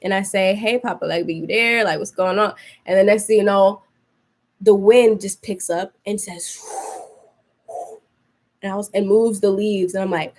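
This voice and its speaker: Young woman, podcast host, casual storytelling, rambling, fillers and restarts, middle pitch. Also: fairly even intonation, moderate pace, long pauses, darkish tone. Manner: acts out her own quoted reactions.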